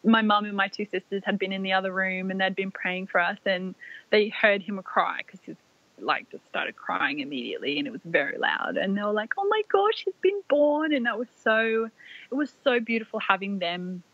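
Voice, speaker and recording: A young Australian woman, a podcast guest, telling a personal story in a soft, rambling way full of "like" fillers. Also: mid-range voice, moderate pace, no echo. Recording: dry, slightly dull lo-fi audio.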